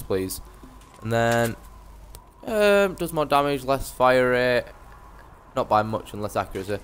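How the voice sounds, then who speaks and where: A man's voice: mid-range voice, slight background noise. A young man giving brash, sweary live commentary as he streams a game.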